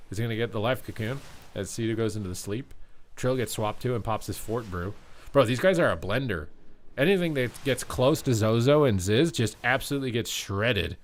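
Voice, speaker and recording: A man casting a live esports broadcast, chatting with the stream chat and calling the action play by play. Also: on the low side. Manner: excitable, chatty, reads out chat. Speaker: esports caster. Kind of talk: live game commentary.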